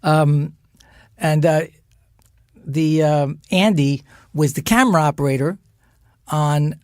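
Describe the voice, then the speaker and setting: A guest actor swaps showbiz stories in casual conversation, speaking slowly with animation. He acts out quotes in a higher voice and laughs often. The recording is clean studio sound with no room noise.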